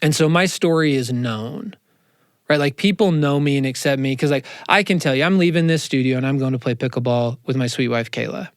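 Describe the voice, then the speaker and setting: A man, a counselor, talking in a casual interview, animated and quick with asides, in a studio. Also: mid-range voice, no echo. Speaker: counselor, podcast guest. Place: radio studio.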